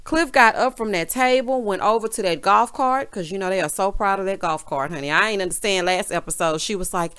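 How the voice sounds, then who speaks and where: A woman with a Southern US accent recapping a reality show in sassy, animated casual chat, dropping "honey" into nearly every line. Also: medium pitch, fairly quick, few pauses, smooth. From American South.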